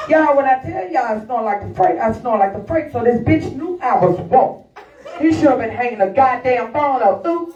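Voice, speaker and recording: A woman's voice: on the high side, darkish tone. A woman doing stand-up storytelling, brash and profane, talking straight to the crowd from a live comedy venue. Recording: echoey, distant, dull live recording.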